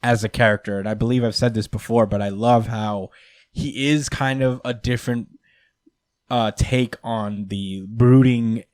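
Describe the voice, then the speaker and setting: A young man hosts a casual podcast chat, rambling and hedging as he thinks aloud with fillers like "um" and "like". His voice is lowish with a darkish tone, and the recording has no echo.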